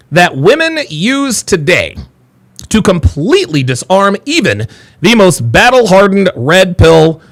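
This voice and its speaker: Male livestream host, lively gravelly delivery, mocking tone. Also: fairly high pitch. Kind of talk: livestream monologue.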